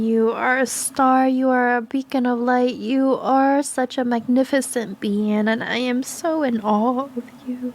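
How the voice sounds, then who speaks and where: A woman giving a gentle, slow spiritual card reading, speaking in soft, affirming phrases with pauses and fillers. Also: on the high side, fairly even intonation, slight background noise. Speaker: tarot and oracle card reader.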